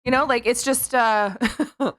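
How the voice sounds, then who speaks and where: A woman's voice: a little high, a little slow, fairly bright tone, no echo. A woman hosting a podcast, sarcastic and giggly, rambling through her points. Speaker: podcast host. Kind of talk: casual comedic political chat.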